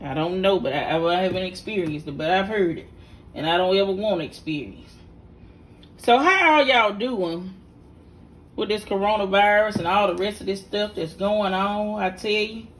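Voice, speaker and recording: A woman's voice: medium pitch, slight background noise. A middle-aged woman, chatting casually to viewers while demonstrating a home cooking recipe in her kitchen. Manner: folksy, chatty, instructive, addresses viewers directly. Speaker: home cook, vlog host.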